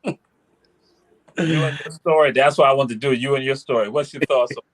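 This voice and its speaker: A man hosting a sports talk panel over a video call, drawing out his words as he calls on each guest for their thoughts. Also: medium pitch. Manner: slow and drawn out, calls on panelists by name. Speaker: host.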